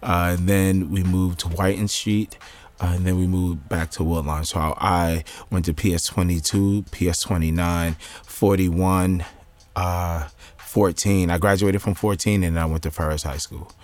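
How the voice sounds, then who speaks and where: Deep-voiced male guest from Jersey City, relaxed and chatty. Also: a little slow. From Jersey City, USA. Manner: easygoing, storytelling, many fillers. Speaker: guest, mayoral candidate. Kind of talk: casual interview chat. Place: recording studio.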